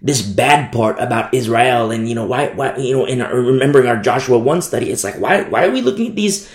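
A man's voice: medium pitch, lively intonation, brisk, echoey room. A man preaching a verse-by-verse Bible study sermon, repeating phrases and asking rhetorical questions. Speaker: pastor. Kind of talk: expository Bible teaching sermon.

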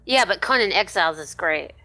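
A woman co-hosting a casual podcast chat, lively, reading out questions from the chat. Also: on the low side, a little fast. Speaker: podcast co-host.

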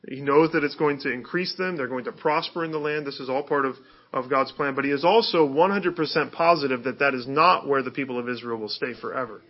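A man's voice: medium pitch, a little fast, dull audio. Man preaching in a plain, conversational way. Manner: conversational, with fillers and restarts. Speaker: pastor. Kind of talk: sermon.

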